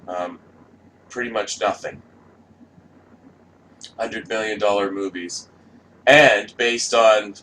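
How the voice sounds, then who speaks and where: Low-voiced man in a profane rant. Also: fairly bright tone, a little hiss or hum, rough recording. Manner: rambling, profane, with filler-heavy restarts. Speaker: vlogger. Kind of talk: ranting monologue.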